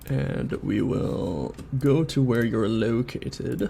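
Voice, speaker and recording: Gravelly laid-back man. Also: medium pitch, takes it slowly, dark tone, slight background noise. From Canada. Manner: muttering to himself, laid-back, thinking aloud. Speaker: game developer streamer. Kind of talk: casual live-stream commentary while 3D modeling.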